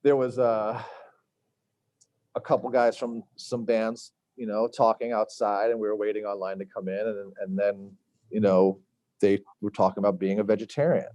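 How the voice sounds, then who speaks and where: Speaking at a normal pace in a lowish, darkish voice with a level tone, this man sounds dry of any echo. He's a middle-aged chef from Long Island, New York, telling rambling stories as a podcast guest, packed with fillers and performed quotes.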